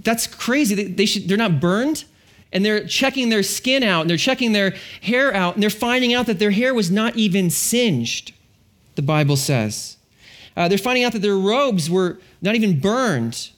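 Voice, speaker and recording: A man's voice: sits high, expressive, moderate pace, a bit bright. A middle-aged male pastor preaching a sermon, telling the story animatedly and acting out the characters.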